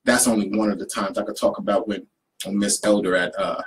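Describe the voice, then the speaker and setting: A young man with a fairly low voice, speaking a little fast, is a poet who leads youth programs. He tells stories in casual conversation as an animated storyteller who acts out the people he quotes. The audio is poor, with a little hiss or hum.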